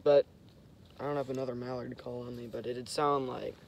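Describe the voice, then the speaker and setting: A young man casually explaining hunting call technique, halting and searching for words, with short clipped demonstration sounds. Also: medium pitch, little pitch movement, darkish tone, muffled recording, a little hiss or hum. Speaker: host. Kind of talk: casual instructional talk.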